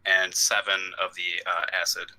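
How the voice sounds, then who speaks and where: A young man playing a tabletop game speaks in a very deep voice with a sharp, bright edge. He talks casually and hesitantly, with plenty of ums as he works out his dice rolls. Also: flat delivery, moderate pace, poor audio. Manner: hesitant, full of ums while adding up rolls. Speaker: player.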